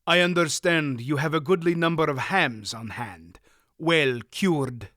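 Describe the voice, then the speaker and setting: A man's voice: fairly high pitch, unhurried, bright, forceful tone, dry recording, studio quality. A man reading as a cold, curt, scarred foreign male merchant with a heavy accent.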